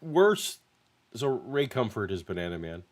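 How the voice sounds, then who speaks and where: Low-voiced, measured middle-aged man. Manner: measured, hesitant, deliberate. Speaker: host. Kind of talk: casual chat.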